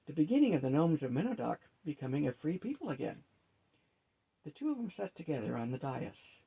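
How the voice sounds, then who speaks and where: A man reading a fantasy novel aloud at a steady, unhurried pace, lightly shifting his pitch for each character. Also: creaky, slightly rough, highs cut off. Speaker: storyteller.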